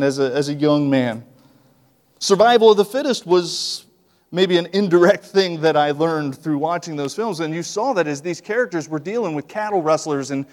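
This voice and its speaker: A middle-aged man delivers a sermon in a relaxed, folksy manner, tossing in frequent asides to his listeners. His voice sits a little higher than most men's. A long reverb trails each phrase, as in a large church hall. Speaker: preacher.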